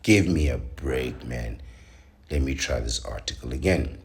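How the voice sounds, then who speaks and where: A man's voice: rumbling low, lively intonation, a little slow. A man hosting a show, reading an article aloud and breaking off into opinionated, preachy rants. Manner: preachy, rants with rising emphasis.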